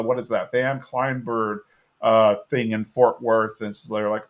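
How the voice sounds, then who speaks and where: A man's voice: mid-range voice, measured pace. A man co-hosting a podcast, casually retelling a cartoon episode in a rambling way and briefly acting out the characters' lines. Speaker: podcast co-host recapping an episode. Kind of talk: casual chat.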